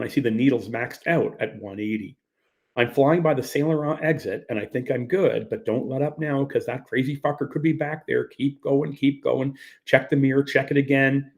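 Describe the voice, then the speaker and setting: A man's voice: mid-range voice, a little mellow. A man reading his own memoir as an audiobook, in a tense, profane first-person storytelling manner.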